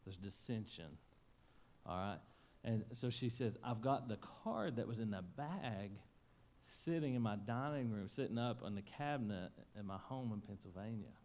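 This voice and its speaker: A man preaching a sermon, telling a story in a folksy, emotional way that swings from loud to hushed. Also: fairly low pitch, lively intonation, moderate pace. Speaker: pastor. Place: church sanctuary.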